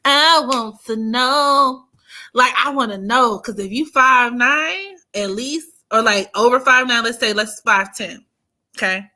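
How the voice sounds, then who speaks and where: A woman chats on an astrology livestream in a bright, fairly high voice. She talks slowly and playfully, teasing and laughing, sometimes dropping almost to a whisper. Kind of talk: casual livestream chat.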